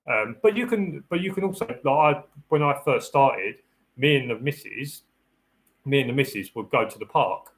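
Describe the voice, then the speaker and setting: A man's voice: medium pitch, fairly bright tone, low-quality recording. A man, a security dog handler hosting a live Q&A, giving practical advice in a casual, rambling way. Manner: practical and chatty, repeats and restarts phrases; acts out the dog's thoughts in a raised voice.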